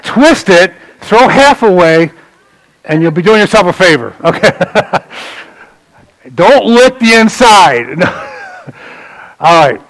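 A man preaching a sermon in a loose, conversational way, bantering with the congregation and swinging from loud emphasis to quiet asides. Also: high-pitched, animated, slow, long pauses, dry recording, rough recording. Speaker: pastor.

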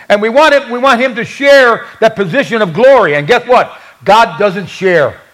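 Lively, high-voiced man preaching a sermon. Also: poor audio. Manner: animated storytelling, acting out quoted voices with humor. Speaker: pastor.

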